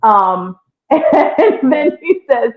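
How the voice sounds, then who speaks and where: Speaking in a fairly high pitch, this relationship talk show host is very animated and draws her words out. She talks expressively and straight to her audience in a casual podcast discussion that sounds tinny, like a phone.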